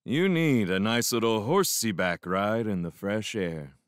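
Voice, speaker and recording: A man's voice: fairly low pitch, expressive, unhurried, smooth, dry recording, clean studio sound. A man reading aloud and voicing an easygoing, cheerful young man with a breezy, light delivery.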